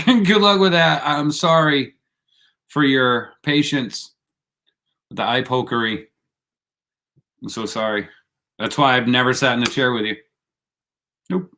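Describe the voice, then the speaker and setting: A man's voice: mid-range voice, lively intonation, slow, pauses often, bright, forceful tone. A man hosting a casual live stream, laid-back and rambling, laughing often as he chats with viewers. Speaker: livestream host.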